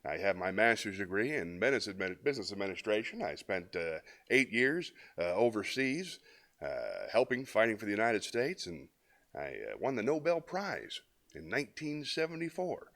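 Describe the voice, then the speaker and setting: A man voicing a boastful talking dog in a joke, listing his achievements matter-of-factly with halting pauses. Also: on the low side, very animated, a bit bright. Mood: bragging. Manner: matter-of-fact bragging, halting with "uh".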